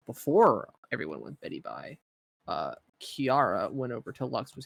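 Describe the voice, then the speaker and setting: A man's voice: medium pitch, big pitch swings, normal speed, gravelly. A man casually recapping a tabletop game session, rambling with fillers and acting out characters' lines. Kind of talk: casual chat.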